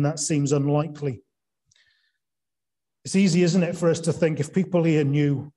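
Earnest male preacher with a mellow voice. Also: fairly high pitch. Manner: earnest, asks rhetorical questions, stresses key words. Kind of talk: evening sermon.

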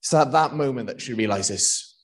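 A man's voice: medium pitch, expressive, normal speed. Welsh man preaching a sermon. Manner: conversational, with frequent uh and restarts.

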